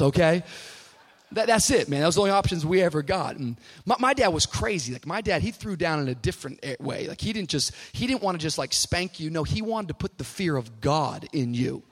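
A young man with a high, light voice preaches to a live church audience. He starts with loose, funny storytelling and rises into fervent preaching, his lines at times half sung. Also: in a large hall. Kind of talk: sermon.

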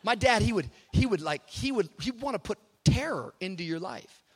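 High-voiced young male preacher. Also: lively intonation, normal speed, husky, long reverb tail. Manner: comic storytelling that builds to fervent, half-sung preaching. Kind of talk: sermon. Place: church service before a live audience.

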